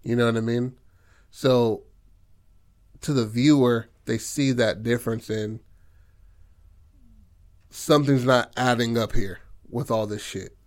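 A man's voice: medium pitch, steady tone, slow pace, long pauses. A man with a mid-range voice talks loosely through his story ideas. He halts and restarts, and he fills the gaps with "like" and "you know what I mean.". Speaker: co-writer planning a film. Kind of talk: casual brainstorming chat.

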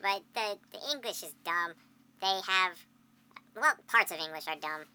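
Woman podcast co-host, dry blunt humor, very bright edgy voice. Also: medium pitch, animated, clear, resonant tone. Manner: wry, blunt, quick to call things dumb. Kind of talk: casual chat.

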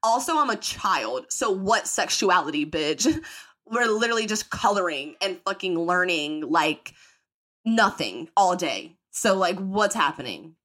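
Lively, bright-voiced young woman podcaster. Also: on the low side, a little slow. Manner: candid and profane, acts out quoted voices. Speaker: podcast host. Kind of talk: casual storytelling monologue.

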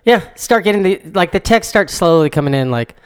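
Easygoing male podcast co-host, fairly high. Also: expressive, fairly quick, clear, resonant tone. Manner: laid-back storytelling, laughs often. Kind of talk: casual chat.

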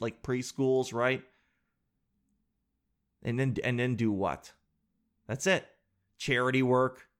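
Joking Canadian podcast host. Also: male voice, mid-range voice. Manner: animated, joking, slangy. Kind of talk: casual podcast chat.

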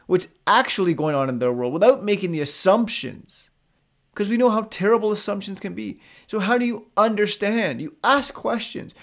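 A man's voice: high-pitched, lively intonation, normal speed, a bit bright. A man hosting a podcast, giving blunt, profane, direct coaching advice in a monologue.

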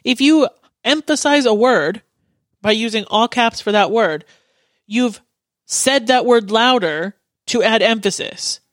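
A woman's voice: a little high, a little slow, no echo, clean studio sound. A woman co-hosting a podcast in casual chat, speaking in a blunt, opinionated way. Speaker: podcast co-host.

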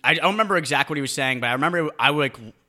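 A man's voice: a little high, expressive, rapid-fire, pushed and bright. A young man co-hosting a podcast, rambling through crude stories and tripping over his words. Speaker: podcast co-host. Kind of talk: casual chat.

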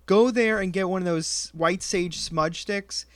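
Easygoing high-voiced man. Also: a little slow, no echo. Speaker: podcast co-host. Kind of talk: casual chat.

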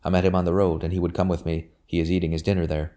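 A man voicing an eager young gentleman who talks in an urgent, confiding way. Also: low voice, little pitch movement, rapid-fire, lightly acted. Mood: hushed.

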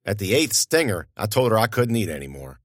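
A male narrator tells the story in a folksy, conversational way, like he's talking with a friend. His voice rises and falls with lively inflection. The recording is close and dry, with no room sound. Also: fairly low pitch, fairly quick, no room sound. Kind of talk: audiobook narration.

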